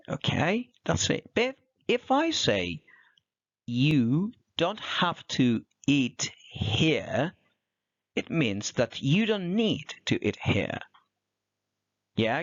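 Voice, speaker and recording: A man teaching an English grammar lesson, explaining slowly with examples. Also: medium pitch, sing-song, dry recording. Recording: dull, dry and lo-fi.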